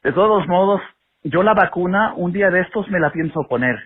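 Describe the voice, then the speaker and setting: A man calling in to a show by phone, courteous and halting, with frequent fillers. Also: sits high, lively intonation, breathy edge. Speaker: caller. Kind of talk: phone call-in. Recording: tinny phone line.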